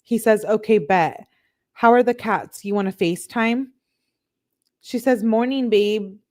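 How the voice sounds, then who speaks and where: A woman's voice: medium pitch, measured pace, darkish tone. A woman hosting a casual live stream, reading text messages aloud and reacting as she goes, with frequent "like" fillers.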